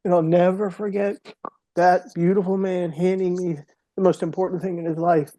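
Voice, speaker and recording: Middle-aged male podcast guest; earnest, heartfelt storyteller with a warm, mellow tone, dry recording. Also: high-pitched, level tone, moderate pace, no room sound. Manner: earnest, emotional storyteller, drops to a hushed voice at moments. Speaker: podcast guest, mental health speaker. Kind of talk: personal storytelling in an interview.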